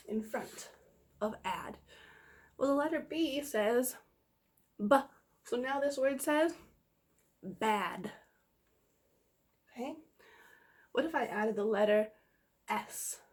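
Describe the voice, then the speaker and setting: Her voice on the high side, a teacher walks young children through phonics, pronouncing every letter slowly and clearly and encouraging them to say it back.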